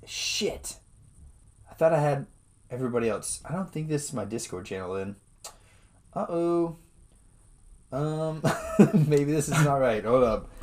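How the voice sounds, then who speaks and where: A man co-hosting a casual podcast, excitable and chatty, swearing casually and saying "dude" a lot. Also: fairly high pitch, measured pace, pauses often. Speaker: podcast co-host. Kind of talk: casual chat.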